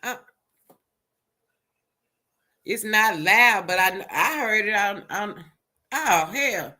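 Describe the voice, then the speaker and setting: A woman vlogger reacting to a clip in a casual, chatty way, laughing and swearing as she talks to viewers. She speaks unhurriedly, and her voice sounds bright. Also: mid-range voice, lively intonation, drawn-out words.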